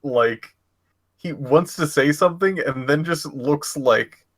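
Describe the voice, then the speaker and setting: A player in a tabletop game, narrating haltingly with many fillers. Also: medium pitch, fairly bright tone, breathy edge. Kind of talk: casual tabletop role-play narration.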